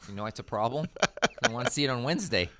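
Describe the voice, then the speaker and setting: A man's voice: medium pitch, lively intonation, fast talker, fairly bright tone, no room sound, studio quality. A man co-hosting a podcast, chatting casually with wry sarcastic asides and muttered remarks. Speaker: podcast co-host. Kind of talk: casual chat.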